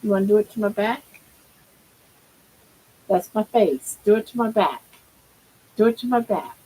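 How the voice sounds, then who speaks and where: A woman's voice: medium pitch, normal speed, warm tone, breathy edge, poor audio. An older woman hosting a casual live stream from home, talking baby talk to her pet and musing aloud about her weight.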